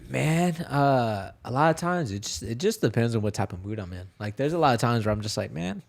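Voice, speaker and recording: A man's voice: mid-range voice, lively intonation, a little fast. A man from Texas, a fighter and podcast guest, chatting casually, swearing freely and laughing through his stories. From Houston, Texas. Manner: profane, laughing storyteller.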